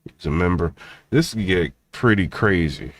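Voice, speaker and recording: A man with a low voice reacting to a clip in slangy, laid-back bursts of commentary. He is recorded close in a dry, dead-sounding room. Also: expressive, moderate pace, dry recording. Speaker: reaction streamer.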